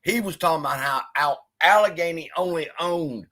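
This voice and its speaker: A man's voice: a little high, normal speed, pushed and bright. A man hosting a livestream, ranting in an angry, profane, heated way. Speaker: livestream host. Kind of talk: unscripted livestream rant.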